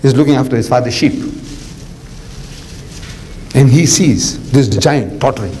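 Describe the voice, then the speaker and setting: This elderly South African preacher, a man in his seventies teaching Islam, speaks warmly at a medium pitch and a measured pace. He tells his stories colloquially and theatrically, slipping in "you know" and "man," and the recording is rough with a bit of background noise.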